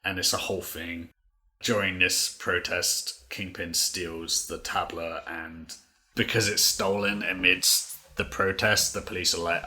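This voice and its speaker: A man with a very low voice and a bright, forceful edge co-hosts a casual podcast. He rambles through his recaps, leaning on "like" and "uh" as he goes. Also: level tone, unhurried. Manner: rambling, many "like" fillers. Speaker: podcast co-host.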